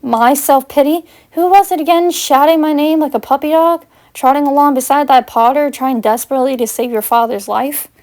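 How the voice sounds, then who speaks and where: A woman's voice: high-pitched, steady tone, fairly quick, hardly any pauses, darkish tone, pitched above the performer's own voice, lightly acted. A woman reading as a cold, stern male professor. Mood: snapping. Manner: curt, clipped and cold. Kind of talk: reading fanfiction aloud.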